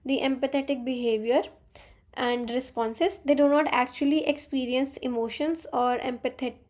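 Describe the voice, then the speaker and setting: A woman's voice: sits high, steady tone, moderate pace, a little mellow. A young woman, a teaching assistant explaining quiz answers in a live online lecture, with many fillers and restarts.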